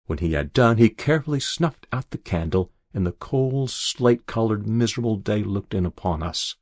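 A man reading a classic novel in measured, unhurried narration. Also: fairly low pitch, lively intonation, darkish tone, no room sound, studio quality. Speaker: audiobook narrator. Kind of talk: scripted literary narration.

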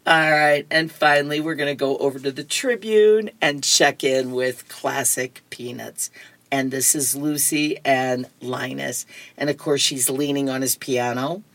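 A woman's voice: rumbling low, fairly even intonation, measured pace, fairly bright tone, no room sound. A woman reader on a radio reading service, reading comics with chatty, amused asides. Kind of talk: reading comics and horoscopes aloud.

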